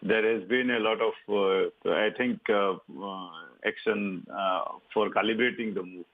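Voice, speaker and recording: A man with an Indian English accent, a bank treasury advisor, answering on the phone with many halting fillers. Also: on the low side, fairly even intonation. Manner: hesitant, many filler sounds. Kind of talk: interview answer on currency. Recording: tinny phone line.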